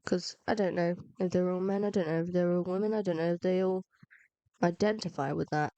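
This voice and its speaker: A woman's voice: lowish voice, steady tone, a little fast, mellow, smooth, dry recording, dull audio. A woman, feeling unwell with a cold, giving casual, rambling, self-mocking commentary over gameplay. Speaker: gaming video narrator.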